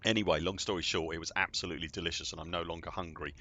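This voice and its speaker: A man's voice: low voice, fairly even intonation, rapid-fire, creaky, pushed and bright. A man, chatting and joking in a rambling way as a game streamer at home. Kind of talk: casual livestream chat.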